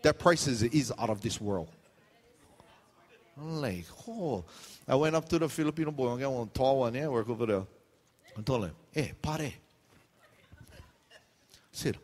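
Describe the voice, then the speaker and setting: A man's voice: mid-range voice, animated, moderate pace, long pauses, a little mellow, husky, big-room sound. A middle-aged male pastor preaching a sermon, telling stories and acting out the voices of the people in them. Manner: storytelling with quoted voices and pidgin asides.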